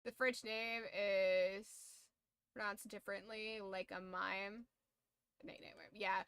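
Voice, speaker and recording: Bright, blunt woman streamer chatting. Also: medium pitch, steady tone, slow, clear, resonant tone, dry recording. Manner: blunt, swears freely, laughs often. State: throat going hoarse. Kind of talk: casual stream chat.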